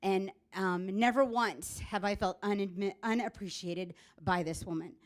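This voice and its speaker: A middle-aged teacher, a woman, stands up at a board meeting to present an award. She rambles comfortably through the backstory, full of fillers and restarts, her voice neither high nor low. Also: normal speed. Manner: warm, rambling storytelling with fillers. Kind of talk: speech at a school board meeting.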